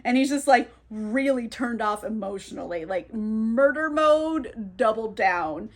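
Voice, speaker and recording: A woman's voice: fairly high pitch, expressive, a little slow. A woman casually recapping a novel for her channel, chatty and irreverent, with frequent laughter and filler words. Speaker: book vlogger.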